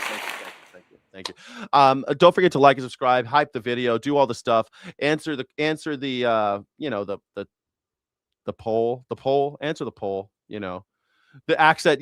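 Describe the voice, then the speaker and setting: A man's voice: medium pitch, no echo, studio quality. A man hosting a news reaction show, with profane, sarcastic and mocking commentary. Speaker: host.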